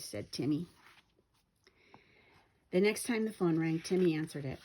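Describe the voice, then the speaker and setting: A woman's voice: moderate pace, breathy edge. A woman reading a children's picture book aloud, giving the characters different voices. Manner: lively, voices characters with pitch jumps. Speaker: storybook reader.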